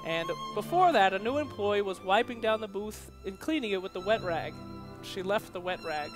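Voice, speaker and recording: A woman tells a silly restaurant story with playful, giggly energy. Her voice sits at a middle pitch, with soft music faint behind her. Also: lively intonation, moderate pace. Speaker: esports panelist. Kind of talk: casual chat.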